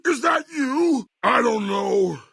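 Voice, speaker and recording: A man's voice: very high-pitched, animated, takes it slowly, vocal fry, bright, forceful tone, husky, no room sound, clean studio sound, exaggerated voice. A man voicing a huge, pompous female mutant who rules her mountain, bellowing orders in video game dialogue. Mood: menacing. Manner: bellowing, pompous, easily exasperated. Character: huge bossy self-proclaimed ruler mutant, female.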